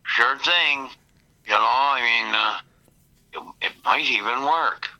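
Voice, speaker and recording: A man's voice: mid-range voice, slow pace, gravelly, sharp tone, low-quality recording. A man, a Catholic priest, chatting casually with folksy old-fashioned exclamations. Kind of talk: casual chat.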